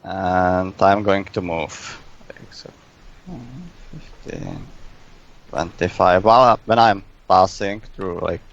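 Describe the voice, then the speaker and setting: A man playing a tabletop game, calmly counting out his moves. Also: deep voice, takes it slowly, vocal fry, long pauses, highs cut off. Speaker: player.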